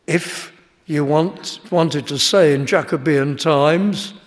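A man's voice: on the high side, slow pace. A man preaching a sermon, emphatic and building in intensity as he speaks. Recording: long reverb of a large hall.

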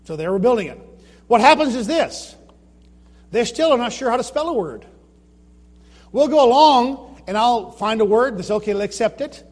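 This man's voice sits extremely high, with lively intonation, a moderate pace, long pauses, and a long reverb tail. He gives an informal presentation on his Bible translation work, explaining points, posing rhetorical questions to the audience, and retelling his own anecdotes.

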